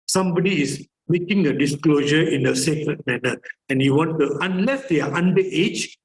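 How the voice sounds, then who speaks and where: A man's voice: fairly high pitch, normal speed, rough recording. A man from Malaysia with a Malaysian English accent, a therapist giving a chatty conference presentation full of fillers and repeats.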